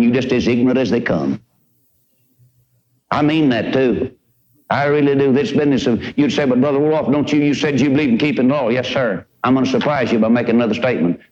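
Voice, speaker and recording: A man's voice: medium pitch, darkish tone. Guy preaching, folksy and emphatic, muffled old tape sound. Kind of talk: sermon. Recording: dull lo-fi old tape recording.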